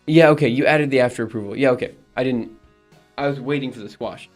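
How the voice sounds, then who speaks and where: Casual male streamer talking through plans, halting and self-correcting, soft music underneath. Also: mid-range voice. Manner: thinking aloud, many ums and restarts. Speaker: streamer and project maintainer. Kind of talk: casual live-stream chat.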